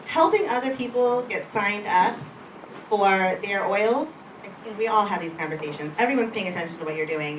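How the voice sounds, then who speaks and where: Woman, live seminar talk, chatty, self-deprecating, distant mic, noisy background. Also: medium pitch. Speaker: presenter at a wellness event. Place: event room before an audience. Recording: echoey room, distant mic, background noise.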